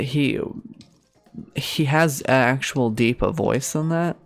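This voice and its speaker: Slow-talking Australian man rambling while gaming. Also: mid-range voice. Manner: rambling, sarcastic, many fillers. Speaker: streamer. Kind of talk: casual gaming commentary.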